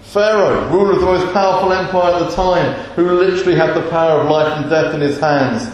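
Emphatic man preaching, higher voice, very echoey church hall, faint background noise. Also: fairly quick, dull audio. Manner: earnest, emphatic, repetitive. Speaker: pastor. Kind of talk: sermon.

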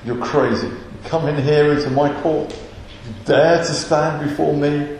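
A man's voice: a little high, a little mellow, a little hiss or hum. A man voicing a proud, scornful ancient king who defies and threatens a visitor, in a sermon. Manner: defiant, threatening. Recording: very echoey hall.

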